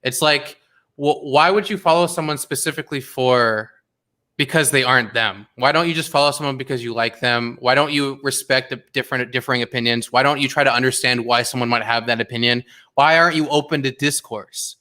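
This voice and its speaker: A young man chats on his livestream in a bright, forward voice. He rambles with animated energy, stacking fillers and restarting his thoughts as he talks to his viewers. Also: medium pitch, brisk. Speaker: streamer hosting a watch party. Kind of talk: casual livestream chat.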